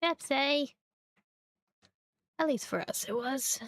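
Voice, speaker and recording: A young woman from Missouri, chatting casually and rambling while she streams a game, quick to poke fun at herself. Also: sits high, animated, fairly bright tone. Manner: rambling, chatty, self-deprecating. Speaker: livestreamer. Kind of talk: casual live gameplay chat.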